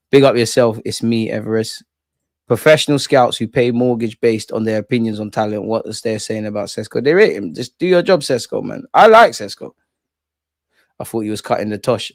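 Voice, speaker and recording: A young man with a London accent, chatting casually on a live stream about football while reading out and reacting to viewer comments in slangy, animated talk. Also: mid-range voice, a little fast, no room sound, clean studio sound.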